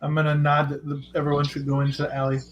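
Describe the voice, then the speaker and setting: A man speaks quickly and directly as a tabletop game player. His voice is slightly high, with a faint noise under it. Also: monotone, dull audio.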